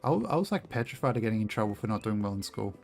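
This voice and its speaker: A man's voice: lowish voice, sing-song, very fast, vocal fry, darkish tone, soft background music. Joking, sweary Australian guy. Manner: loose and joking, swears freely, laughs often. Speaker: streamer. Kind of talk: casual gameplay commentary, chatting with viewers.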